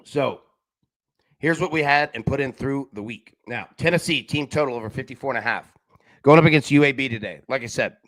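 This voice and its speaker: A man's voice: mid-range voice, fairly quick, a bit bright, no echo. Casual man giving betting picks. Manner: casual, talks to chat viewers with slang like buddy and man; frequent fillers and restarts. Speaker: sports betting show host. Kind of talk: live-stream betting picks chat.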